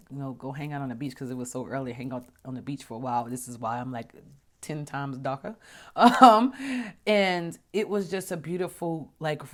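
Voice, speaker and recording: A woman with a notably low-pitched voice hosts her own podcast and talks through her experiences in a casual, storytelling way. She gets animated when she acts out conversations, then drops into soft, near-whispered murmurs when she turns reflective. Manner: chatty, animated, acts out dialogue with big pitch jumps. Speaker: podcast host.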